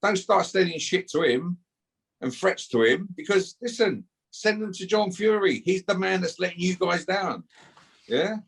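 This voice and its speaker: Man in his fifties, husky voice, fairly high pitch, brash and swearing, taunting callout. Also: animated, normal speed, fairly bright tone. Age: 50s. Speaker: fighter calling out a rival. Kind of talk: heated casual callout.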